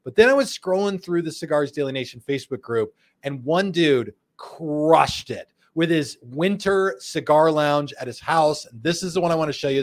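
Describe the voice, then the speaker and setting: A man with a somewhat high-pitched voice hosts a relaxed live chat show. He talks casually, cracks jokes and reads out viewer comments with an easy, friendly delivery. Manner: chatty, jokey, reads viewer comments aloud. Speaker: host. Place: studio in Phoenix.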